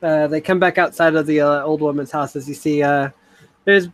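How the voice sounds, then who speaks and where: A man runs a tabletop game and narrates the scene casually, with lots of "uh" and "like". His voice sits a little high and sounds dry and close. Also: steady tone, normal speed, dry recording, rough recording. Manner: casual, filler-heavy narration. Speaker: game master.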